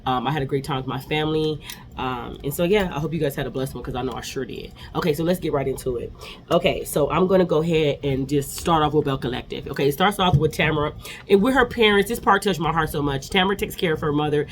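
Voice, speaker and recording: Fast-talking sassy woman recapping reality TV. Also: low-pitched, a little hiss or hum. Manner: sassy, opinionated, chatty. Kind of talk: casual recap chat.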